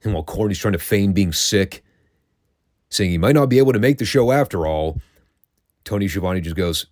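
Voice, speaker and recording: A man's voice: deep voice, expressive, a little fast, pauses often, a little mellow, no room sound, studio quality. A man hosting a classic wrestling review show, recapping matches in a wry, sarcastic, casual tone and swearing freely.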